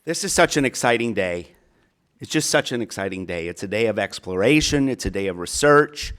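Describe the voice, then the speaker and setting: Brief: middle-aged male speaker, Minnesota accent, clear resonant tone, folksy address. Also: lowish voice, animated, fairly quick, a bit bright. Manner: folksy, repeats phrases. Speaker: college counselor. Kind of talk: keynote speech.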